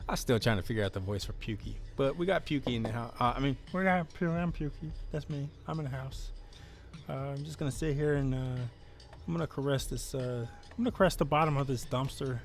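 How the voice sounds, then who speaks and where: A man's voice: mid-range voice, brisk, vocal fry, faint music behind. A man hosting a casual live stream, joking loosely and reading out viewer comments.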